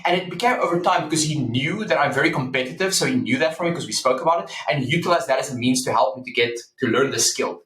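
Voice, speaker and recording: A man appears as a psychology professor guest on a relaxed podcast, explaining things earnestly with lively anecdotes and plenty of ums. His mid-range voice moves quickly with hardly any pauses, and the recording has a roomy echo.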